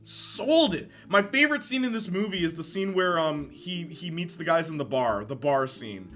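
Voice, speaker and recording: A man in casual live-stream chat, talking excitedly about movies and often laughing as he reacts to chat. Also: on the high side, moderate pace, faint music behind.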